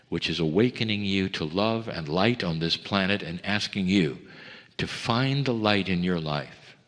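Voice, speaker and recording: A man's voice: low voice, a bit bright. Earnest man channeling in a reverberant hall. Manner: slow, earnest, pausing between phrases. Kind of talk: channeled spiritual talk.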